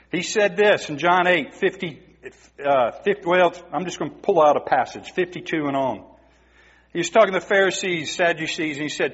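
Husky preacher in a big hall. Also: male voice, fairly high pitch, lively intonation, moderate pace, fairly bright tone. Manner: emphatic, rhetorical questions to the congregation. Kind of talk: sermon. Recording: dull, muffled recording in a reverberant hall.

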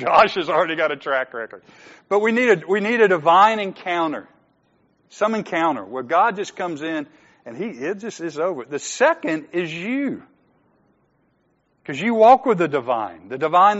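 A man's voice: on the high side, fairly bright tone, big-room sound, dull audio. A man preaching as pastor, conversational and joking, laughing often in a church sanctuary. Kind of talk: sermon.

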